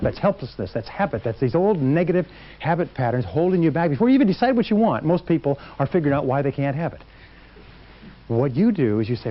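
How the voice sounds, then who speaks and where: A man's voice: mid-range voice, sing-song, quick pace. Male motivational speaker, emphatic seminar delivery, mid-range voice, dull lo-fi recording. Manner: emphatic, acts out quotes. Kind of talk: seminar talk to a live audience.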